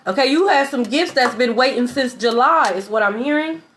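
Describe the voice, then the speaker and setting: A woman's voice: sits high, lively intonation, normal speed, fairly bright tone, a little hiss or hum. A woman giving a spiritual tarot reading in a blunt, preachy way. She swears, laughs in scorn and keeps asking "okay?". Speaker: tarot reader.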